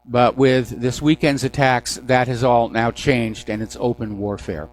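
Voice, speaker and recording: A man's voice: medium pitch, steady tone, measured pace, soft background music. A man hosting a news commentary call-in radio show, delivering sarcastic, mocking asides. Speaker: radio talk show host.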